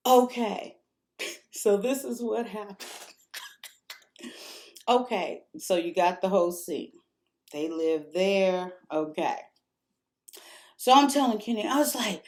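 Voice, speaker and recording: A woman vlogger casually telling a rambling story to camera, animated and laughing between lines, drinking while she talks. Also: mid-range voice, takes it slowly, pauses often.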